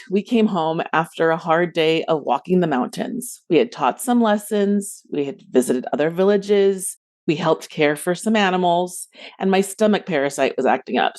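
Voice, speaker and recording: An adult woman telling a rehearsed personal story as a podcast guest, expressive and loud when acting out yells. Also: lowish voice.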